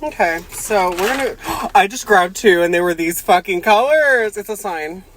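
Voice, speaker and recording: Lively, crude woman cracking jokes. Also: mid-range voice, slight background noise. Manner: animated, crude, quick to laugh. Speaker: podcast co-host. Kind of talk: casual comedic chat.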